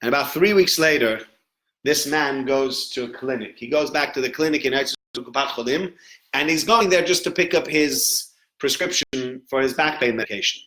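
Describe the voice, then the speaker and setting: A man giving a sermon as a rabbi, telling stories in an animated way and acting out the people in them. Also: medium pitch, a little fast. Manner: animated storyteller who acts out the people in his stories. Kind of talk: storytelling sermon. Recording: roomy echo.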